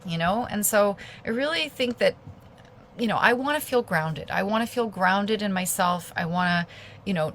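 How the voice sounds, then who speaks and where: A woman's voice: medium pitch, creaky, fairly bright tone, a little hiss or hum. A woman speaking as a guest on a video call, rambling through many fillers and restarts and lighting up with enthusiasm. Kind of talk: casual talk on a video call.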